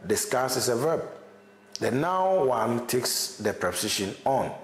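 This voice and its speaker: Slow-talking man lecturing, echoey. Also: medium pitch. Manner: repeats examples, checks in with "okay?". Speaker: university lecturer. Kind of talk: online class lecture. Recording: echoey room.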